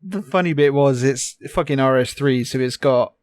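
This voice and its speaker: A man's voice: medium pitch, normal speed, a little mellow, no room sound, studio quality. A man co-hosting a casual podcast, easygoing and teasing, swearing casually. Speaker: podcast co-host.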